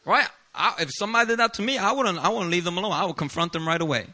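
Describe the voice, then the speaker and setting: A male pastor from Philadelphia preaching a sermon in an animated, self-deprecating way, often laughing. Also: high-pitched, racing.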